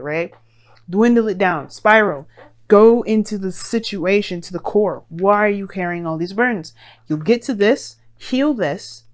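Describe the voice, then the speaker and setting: A woman giving a casual tarot reading to her viewers, blunt and profane, pushing her points with emphatic repeats. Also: mid-range voice. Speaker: tarot reader.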